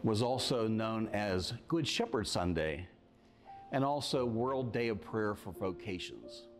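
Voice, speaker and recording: A man, a parish priest, giving a short homily and telling a story with slow, emphatic phrasing. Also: fairly low pitch, animated, faint music behind.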